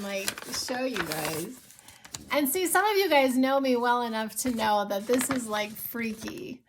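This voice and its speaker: A woman chatting to her camera in a bright, slightly high voice. She rambles with lots of fillers and restarts and sounds excited and grateful, often breaking into laughs. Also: a little hiss or hum. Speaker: vlogger. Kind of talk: casual chat to camera.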